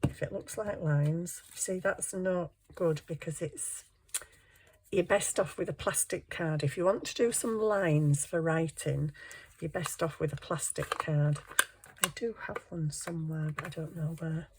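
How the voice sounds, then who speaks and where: Woman, low voice, chatty and self-mocking, crafting at home with faint background noise. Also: unhurried. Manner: chatty, self-deprecating, talking to herself while working. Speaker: junk journal crafter. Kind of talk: casual craft tutorial chat.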